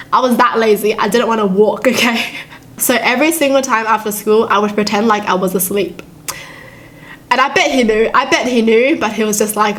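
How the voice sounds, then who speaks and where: A young woman with a somewhat high voice reads stories aloud for her channel and reacts to each one. She is giggly and expressive and often breaks into laughter. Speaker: YouTube reaction host.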